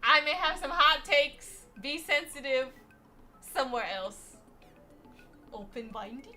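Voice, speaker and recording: Sassy, bright-voiced young woman streamer. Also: sits high, expressive, slow pace, faint music behind. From United States. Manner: rambling, profane and sassy. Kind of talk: casual livestream chat.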